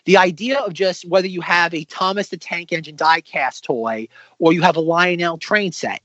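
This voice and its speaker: A man's voice: sits high, moderate pace, dry recording. A male podcast co-host talks in a loose, rambling way and jumps from tangent to tangent. The sound is dry and close. It is also slightly muffled. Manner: rambling, animated, tangent-prone. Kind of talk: casual chat.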